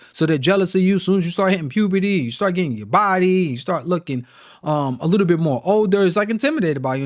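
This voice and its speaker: A man's voice: fairly high pitch, dry recording, studio quality. A man hosting a reaction video, talking in loose, rambling commentary that trails off mid-thought. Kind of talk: casual commentary.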